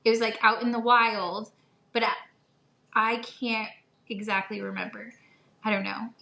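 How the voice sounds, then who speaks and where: A woman co-hosting a podcast in chatty, animated casual conversation, quick to laugh. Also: fairly high pitch, creaky. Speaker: podcast co-host. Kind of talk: casual chat. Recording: roomy echo.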